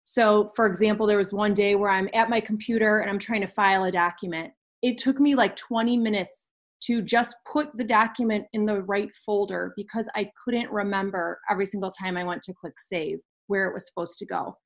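A woman's voice: medium pitch, steady tone, fairly quick. A young woman in her twenties, a podcast guest candidly telling a personal story in an earnest way. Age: 20s.

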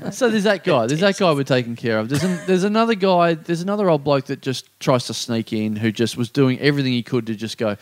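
A man's voice: mid-range voice, fast talker, few pauses. A man telling a comedy gig story in casual chat, swearing freely and acting out the voices of the people in it. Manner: animated, swears a lot, acts out voices.

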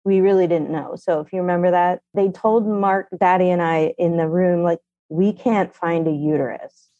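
Her fairly low voice moves at normal speed as this middle-aged mother and parenting columnist candidly tells a family story, animated and blunt, swearing casually. The recording has no room sound and comes across dull and dry.

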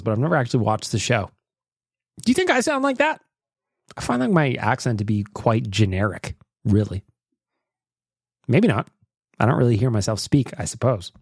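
A man's voice: medium pitch, no room sound, studio quality. A man hosting a casual podcast, easygoing and teasing, often laughing as he talks. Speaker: podcast host.

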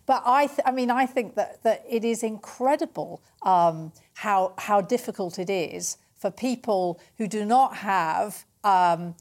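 A woman speaking as a panelist on a TV discussion, halting and repeating herself as she talks. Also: medium pitch, a little mellow. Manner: halting, many restarts.

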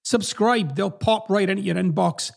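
Blunt Scottish-Southern man, high gravelly voice. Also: normal speed. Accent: Scottish mixed with American Southern. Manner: blunt, profane, direct. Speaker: podcast host. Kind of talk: advice podcast monologue.

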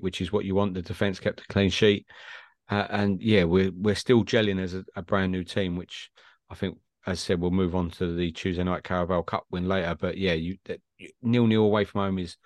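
A man talks quickly and rambles through his stories, restarting sentences as he goes. His voice sits a little low. The sound is dry and close. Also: no echo. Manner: rambling, animated storytelling with restarts. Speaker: podcast host. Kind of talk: casual football podcast chat.

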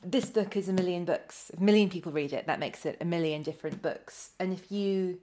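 A woman's voice: fairly low pitch, a little fast. Woman, host, casual chat, enthusiastic, laughing. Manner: warm, enthusiastic, laughs freely.

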